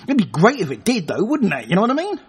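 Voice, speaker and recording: A man's voice: high-pitched, wildly swooping pitch, fast talker, breathy edge. A man hosting a podcast, riffing crudely on news stories with rambling jokes and asides. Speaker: podcast host. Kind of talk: casual comic news chat.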